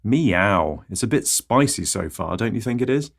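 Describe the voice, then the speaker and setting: A man's voice: mid-range voice, animated, brisk, vocal fry, breathy edge. A man hosting his own comedy podcast, delivering a scripted absurdist monologue full of rambling wordplay and mock self-importance.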